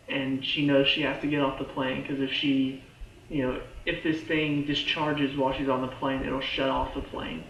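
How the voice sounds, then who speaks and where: A man giving a casual spoken review of a TV show, excitable and full of fillers and restarts. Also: on the high side, echoey room, dull audio.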